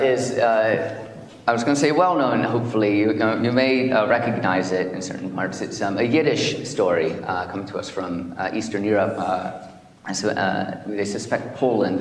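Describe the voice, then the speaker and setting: A man leading a service, reading prayers slowly and telling a story to the congregation with many hesitant fillers. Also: on the low side, a little hiss or hum. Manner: slow, measured prayer reading; hesitant fillers when speaking freely. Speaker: minister. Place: chapel hall. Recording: echoey hall.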